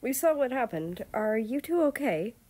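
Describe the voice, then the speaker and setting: A woman voicing a nonchalant, teasing young nobleman with a relaxed, smirking way of speaking. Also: a little high, moderate pace, pitched above the performer's own voice.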